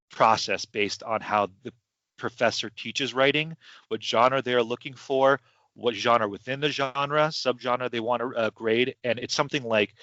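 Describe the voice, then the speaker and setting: Man, podcast host, casual rambling chat, mid-pitched voice, dry close sound, dull lo-fi recording. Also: pushed and bright, dry recording. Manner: rambling, hesitant, with frequent fillers and restarts.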